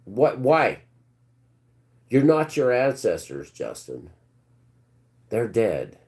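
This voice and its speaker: A man rants through a live stream like a street preacher, his voice dark and mellow at a middling pitch. He lurches between loud bursts and low muttering asides. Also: huge pitch swings, takes it slowly.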